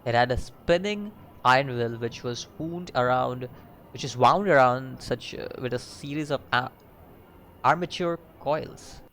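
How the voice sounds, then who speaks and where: A man's voice: medium pitch, unhurried, a bit bright, a little hiss or hum, rough recording. Man reading a story game aloud. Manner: stumbling read-aloud with asides and chuckles. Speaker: gaming channel host.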